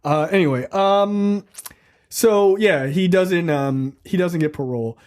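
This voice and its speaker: A man's voice: high-pitched, unhurried, darkish tone. A man co-hosting a film review podcast in casual, profane, joking chat, acting out quotes.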